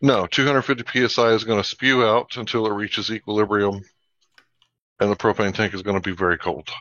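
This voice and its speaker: A man's voice: on the low side, fairly even intonation, brisk, fairly bright tone, no echo. A man hosting a live stream, pressing his guest with pointed debate-style questions. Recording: dull lo-fi dry sound.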